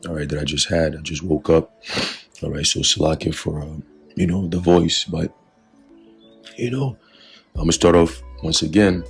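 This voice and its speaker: Gravelly deep-voiced man teaching a religious lesson. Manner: loose and conversational, full of "you know" and "all right". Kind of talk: informal spoken religious lesson.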